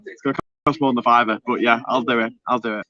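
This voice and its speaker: A chatty man with a Liverpool accent hosting a live stream. He reads out viewer messages in a mid-pitched voice and breaks into excited, jokey asides. The audio is slightly dull and lo-fi. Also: fast. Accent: Liverpool (Scouse). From Liverpool, England. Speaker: livestream host. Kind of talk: casual live-stream chat.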